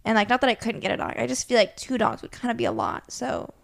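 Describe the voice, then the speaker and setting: A woman's voice: on the high side, wildly swooping pitch, quick pace, creaky. A young adult woman in casual chat with friends, easygoing, adding wry remarks.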